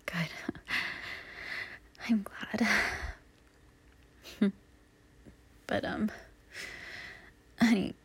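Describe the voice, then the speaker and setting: A woman in a whispered role-play, soft and halting as she apologizes to an upset partner. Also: mid-range voice, creaky, slightly rough. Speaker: audio role-play performer playing a girlfriend.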